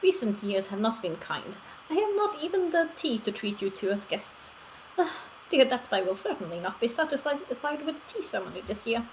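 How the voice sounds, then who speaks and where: A woman's voice: a little high, very animated, brisk, a little hiss or hum, low-quality recording. A woman voicing an earnest male tea merchant villager, speaking in formal, old-fashioned phrasing.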